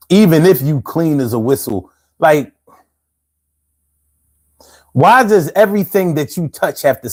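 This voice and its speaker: A man hosting a casual live show, telling stories in loose slang and laughing often. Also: medium pitch. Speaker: show host.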